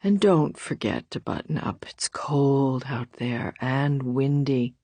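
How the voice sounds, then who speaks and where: A woman voicing a sick, gentle mother who speaks in a weak, breathy whisper. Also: rumbling low, takes it slowly, no echo, voice pushed down, full character voice. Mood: tender.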